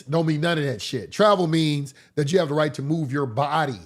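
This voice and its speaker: A man giving a casual livestream lecture as a course instructor, blunt and profane, his voice hoarse from a cold. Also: fairly high pitch, fairly quick.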